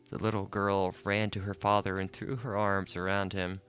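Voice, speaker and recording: Male narrator, audiobook, unhurried, low voice, soft music behind. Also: little pitch movement.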